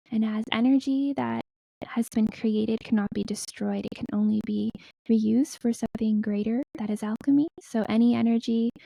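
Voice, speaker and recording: A woman leads a guided meditation in a very dark, mellow voice with a gravelly fry. She speaks softly and slowly, sometimes whispering, and she chants in an invented light language. Her pitch sits fairly high but stays flat and even, and the sound is dry and close. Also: no room sound, poor audio. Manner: soft, slow, soothing delivery that drops into whispers. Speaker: guest spiritual healer.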